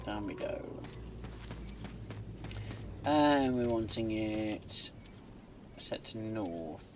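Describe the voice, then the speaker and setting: A man's voice: lowish voice, expressive, drawn-out words, background noise. A man giving casual, muttering commentary while he plays a video game, tossing in playful sing-song asides. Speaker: gaming channel host. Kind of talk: casual let's-play commentary.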